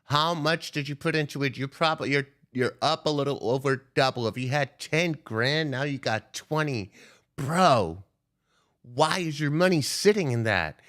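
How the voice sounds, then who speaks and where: A man's voice: medium pitch, normal speed, fairly bright tone. A young man ranting on a stock trading livestream, profane and confrontational as he calls out viewers. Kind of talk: unscripted livestream rant.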